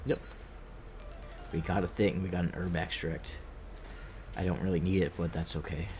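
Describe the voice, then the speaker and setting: A man's voice: low-pitched, little pitch movement, moderate pace, a little mellow, soft background music. A man casually chatting while streaming a game, rambling as he plays and reading lines aloud, with a stuffed-up nose. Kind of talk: casual gameplay commentary.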